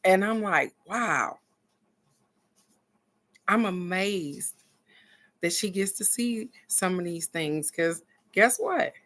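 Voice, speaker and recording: A middle-aged woman giving a casual motivational talk, animated and earnest, moving between excited bursts and soft encouragement. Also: mid-range voice, slow. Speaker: spiritual card reader and vlog host.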